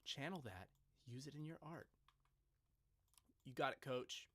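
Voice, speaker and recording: A man's voice: medium pitch, animated, a little slow, fairly bright tone. A man chatting casually on a live stream, rambling and joking at his own expense. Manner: joking, rambling, self-deprecating.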